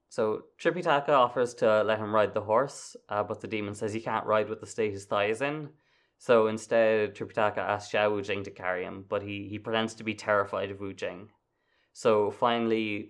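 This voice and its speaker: Man, lowish voice, casual podcast storytelling, wry, relaxed. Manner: laid-back, wry, laughs while retelling. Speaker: podcast co-host.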